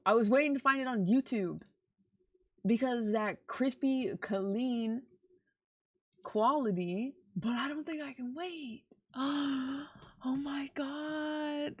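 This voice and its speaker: A woman streamer chatting casually to her viewers, gushing and excitable. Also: a little high. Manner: gushing and excitable, talks to chat. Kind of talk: casual live-stream chat.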